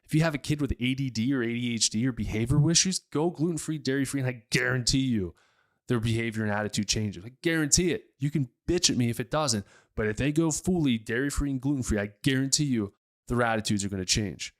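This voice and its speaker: A man's voice: mid-range voice, fast talker. A man hosting a health show, giving blunt, emphatic advice in a casual, repetitive way. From United States. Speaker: chiropractor-style health podcast host.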